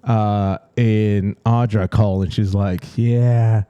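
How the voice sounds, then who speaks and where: A young man co-hosts a casual podcast chat with a warm, mellow voice. He laughs often and tells his stories with lively energy. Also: medium pitch, moderate pace, dull audio. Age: young adult. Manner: laughs often, animated storyteller. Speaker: podcast co-host.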